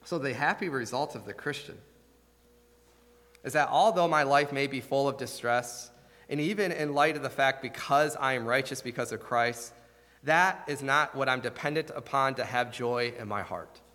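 A man's voice: medium pitch, normal speed, sharp tone. A man preaching a sermon with rising emphasis and many rhetorical questions. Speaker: pastor. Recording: long hall reverb.

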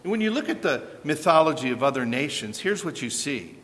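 A man preaching a sermon in an animated way, firing rhetorical questions at his listeners. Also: fairly high pitch, brisk, big-room sound.

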